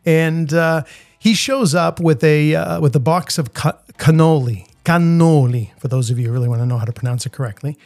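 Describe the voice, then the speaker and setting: A man's voice: on the high side, fairly quick, vocal fry, no echo. A middle-aged man with a Boston accent, telling a story in a casual, rambling podcast monologue full of fillers and restarts. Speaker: podcast host, street photographer.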